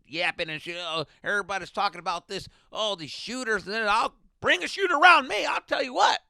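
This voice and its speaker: A man voicing a brash, gun-loving Texan driver who boasts loudly and swears. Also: sits high, brisk, gravelly, no room sound, clean studio sound, pitched above the performer's own voice, heavily acted. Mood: boastful. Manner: loud, boastful, profane.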